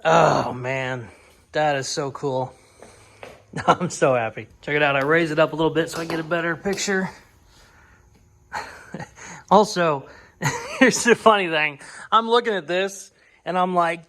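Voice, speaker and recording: High, bright-voiced excited man. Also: moderate pace, pauses often. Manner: excited, laughs a lot, swears casually. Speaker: custom car builder and YouTuber. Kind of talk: casual vlog chat.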